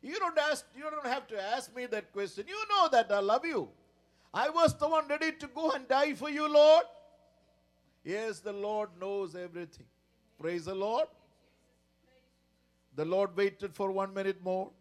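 A man preaching a sermon in a slow, dramatic way, often repeating a stock praise phrase. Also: sits high, animated, a bit bright.

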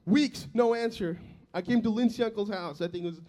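A man in his twenties preaching a sermon, telling his own testimony in an earnest, emotional way that swells loud and drops soft. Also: high-pitched, fairly quick. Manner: earnest and emotional, loudness rising and falling.

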